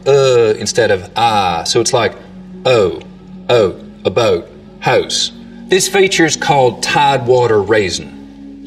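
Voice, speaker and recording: A man presenting an educational tour of accents in scripted narration, pausing to demonstrate pronunciations. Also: mid-range voice, fairly bright tone, recorded from a distance. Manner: explanatory, demonstrates accent features.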